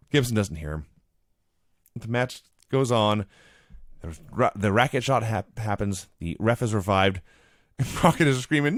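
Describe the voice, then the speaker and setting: Animated man recapping with shouted quotes. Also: on the low side, normal speed, no echo, studio quality. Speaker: podcast co-host. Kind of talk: casual chat recapping old wrestling.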